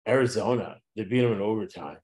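A man with a somewhat low voice talks through football picks in a loose, casual way. His sentences wander and restart, with lots of "uh" fillers. He laughs easily as he goes. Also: fast talker, a little mellow. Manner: rambling, frequent "uh" fillers, laughs at own jokes. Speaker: sports betting podcast host.

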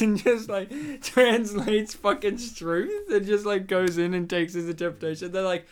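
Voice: medium pitch, fairly even intonation, a little slow, clean tone. A commentary co-host in a casual chat, laughing a lot, swearing freely and slipping into jokey voices. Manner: giggly, sweary, with frequent jokey put-on voices.

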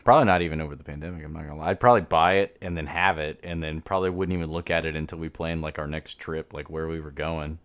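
A man co-hosting a podcast, talking in a relaxed, rambling way full of hedges. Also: a bass voice, fast talker, hardly any pauses. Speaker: podcast co-host. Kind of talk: casual chat.

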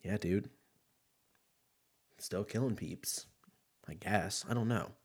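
A man's voice: on the low side, takes it slowly, breathy edge. A man hosting his own podcast in a casual, rambling way, swearing freely and laughing at his own jokes. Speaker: podcast host. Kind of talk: casual solo podcast chat.

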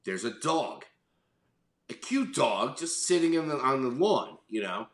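A middle-aged New York man with a medium-pitched, slightly bright voice speaks at a measured pace, very animated. Co-hosting a podcast in an echoey room, he tells a rambling story in casual chat, swearing freely and doing voices.

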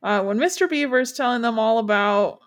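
A woman's voice: fairly high pitch, lively intonation, brisk. A young woman hosting a book podcast, chatting casually with blunt, wry opinions and reading passages aloud. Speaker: podcast host.

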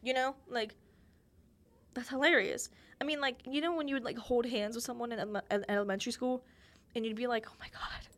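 A woman's voice: on the high side, steady tone, brisk. A young woman hosting her own podcast, telling childhood stories in a chatty, giggly way and acting out quoted voices. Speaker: podcast host. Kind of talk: casual solo storytelling.

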